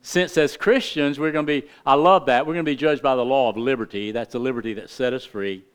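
A man's voice: mid-range voice, steady tone, fast talker, clean tone. Impassioned male pastor preaching. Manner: impassioned preaching that swings from loud emphasis to hushed tones. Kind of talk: sermon.

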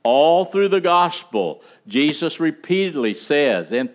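Male pastor, higher-pitched, emphatic sermon delivery, folksy asides. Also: sing-song, unhurried, hardly any pauses. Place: church sanctuary.

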